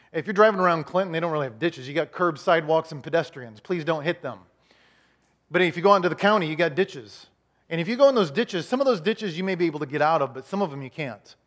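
A middle-aged man with a high-pitched voice preaches a sermon like a conversation. He says his main points again and again, trips over his words and restarts. He briefly acts out the voices of other people as he goes. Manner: conversational preaching, repeats key lines, stumbles and restarts; acts out voices of worshippers and complainers. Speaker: pastor.

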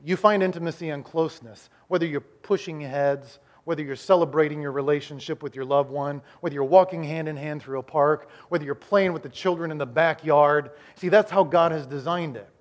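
A pastor delivers a sermon in a fairly high-pitched male voice. He pushes some lines hard and loud, then drops to slow, hushed phrases. He often repeats and restarts his words as he preaches. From Iowa, United States. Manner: preaching with dramatic shifts between loud emphasis and quiet, slowed lines.

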